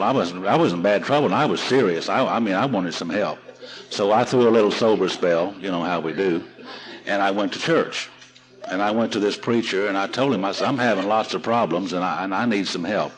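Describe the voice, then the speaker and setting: A man's voice: low voice, rough recording. A man telling his recovery story to a seminar audience in a folksy, humorous way. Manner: folksy, humorous, repeats and restarts.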